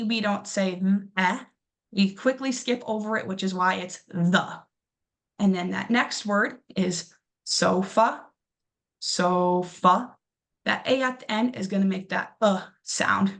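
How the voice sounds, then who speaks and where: Patient young woman teaching a class. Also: mid-range voice. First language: English. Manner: patient and encouraging, often says um, models words slowly. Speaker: English teacher. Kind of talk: classroom lesson explaining pronunciation.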